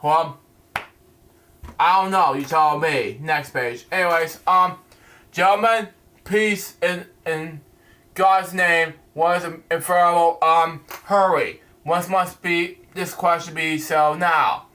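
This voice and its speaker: Slow, halting man reading a comic aloud. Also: on the high side, sharp tone. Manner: halting, stumbling over words and restarting. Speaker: comic book reviewer.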